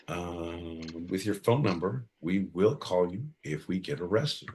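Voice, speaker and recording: A man co-hosting a podcast in casual comedic banter, loud and profane with sudden bursts of energy. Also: low-pitched, lively intonation, unhurried, hardly any pauses. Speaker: podcast co-host.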